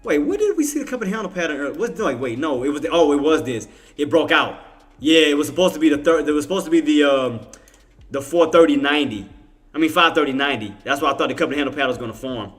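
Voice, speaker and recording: A man from Louisiana with a Cajun accent, giving casual, excitable livestream commentary on stock trading, with lots of Southern slang and self-corrections. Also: a little high, fast, faint music behind.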